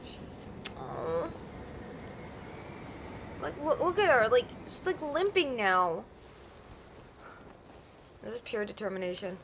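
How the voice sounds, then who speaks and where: A woman's voice: mid-range voice, sing-song, slow, pauses often, fairly bright tone, a little hiss or hum. A young woman giving let's play commentary, emotional and exclaiming as she talks to herself through the game. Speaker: gaming streamer. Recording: game music behind voice.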